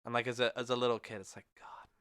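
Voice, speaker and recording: A man's voice: medium pitch, little pitch movement, racing, fairly bright tone, clean tone, no echo, clean studio sound. A man hosting a podcast, telling a long story in a rambling, self-correcting way. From England. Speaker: podcast host. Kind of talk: casual chat.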